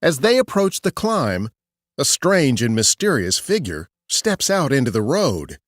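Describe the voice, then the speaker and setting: A man narrating a scripted true-crime history story in an expressive storytelling way. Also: mid-range voice, a little slow, no echo, clean studio sound.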